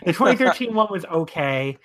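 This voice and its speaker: Rambling man in a casual podcast chat. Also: a little fast. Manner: rambling, animated, voice jumps high when exasperated. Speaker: wrestling podcast co-host.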